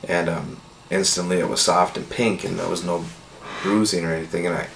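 A middle-aged man telling his healing testimony in a casual, earnest, rambling way, full of "you know" and soft laughs. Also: deep voice, steady tone, fairly quick, creaky. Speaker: testimony speaker. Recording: echoey room with faint noise.

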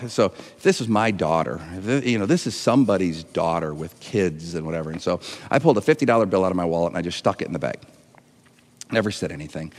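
Earnest pastor, long hall echo. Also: male voice, low voice. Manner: emotional, earnest, with frequent repeats and restarts. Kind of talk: livestreamed sermon.

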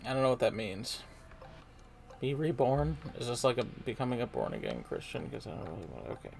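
A woman's voice: extremely low pitch, very animated, fairly quick, creaky, darkish tone, a little hiss or hum. A woman playing through a game and commenting, rambling with self-deprecating muttered asides. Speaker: let's player.

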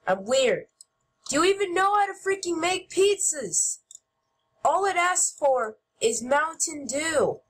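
A woman giving playful gameplay commentary as host, goofy and shouting mock-angrily at other players. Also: sits high, big pitch swings, takes it slowly.

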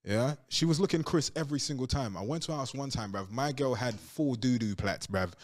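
A man's voice: mid-range voice, brisk. A man with a London accent telling brash, profane stories in a casual podcast chat. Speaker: guest.

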